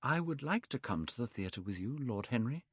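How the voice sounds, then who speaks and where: A man's voice: mid-range voice, expressive, normal speed, husky, dry recording, studio quality. A man voicing a beautiful, vain young man who pleads in anguish. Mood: passionate.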